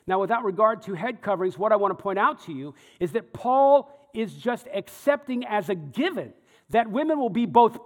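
A male pastor teaching a sermon, reading scripture aloud and explaining it conversationally. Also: extremely high pitch. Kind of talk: sermon teaching through a Bible passage. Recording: long hall reverb.

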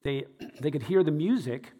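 A man's voice: a little high, animated, moderate pace, warm tone, in a large hall. A man, a stage show producer, telling a rambling live anecdote to a crowd with many fillers and restarts.

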